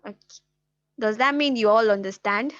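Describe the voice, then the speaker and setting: A woman teaching a language class over a video call, explaining patiently and slowing down to repeat key phrases. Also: fairly high pitch, a bit bright. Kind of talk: online class lecture. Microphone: computer mic on a video call. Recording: muffled video-call audio.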